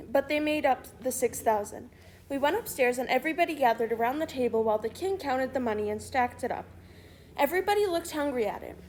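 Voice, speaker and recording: Woman reading a story for english learners, high voice, slow and even, faint hiss in back. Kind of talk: scripted narration.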